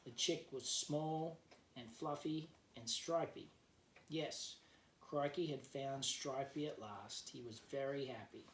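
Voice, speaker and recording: Teacher reading a picture book aloud. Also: male voice, mid-range voice, slow pace, recorded from a distance, a little hiss or hum. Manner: gentle storyteller who explains words for kids. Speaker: teacher, guest reader. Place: at home, remote learning. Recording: echoey room, voice off-mic, faint background.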